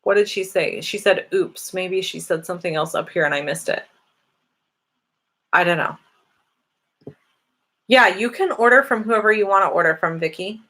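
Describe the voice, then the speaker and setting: Reading out viewer comments and responding, this woman runs a relaxed live-stream Q&A in a chatty, upbeat way. Her voice sits lowish and carries a bit of brightness.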